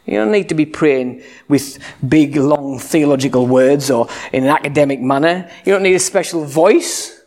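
A man preaching with a high voice. He talks in a relaxed, chatty way, with jokes and rhetorical questions. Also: normal speed, hardly any pauses. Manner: conversational, humorous, rhetorical questions. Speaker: pastor. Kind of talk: sermon.

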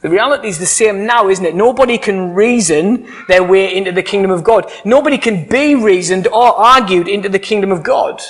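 Guy preaching, high-ish voice, earnest, keeps asking the congregation questions. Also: fairly quick, hardly any pauses, a bit bright. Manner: earnest, emphatic, asks the listeners rhetorical questions. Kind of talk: sermon.

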